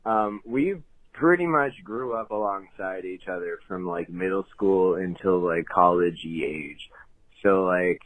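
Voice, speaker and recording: A man's voice: low-pitched, measured pace, a bit bright, no echo, poor audio. Young man rambling on a voicemail. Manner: rambling and laid-back, lots of fillers. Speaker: caller. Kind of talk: casual voicemail.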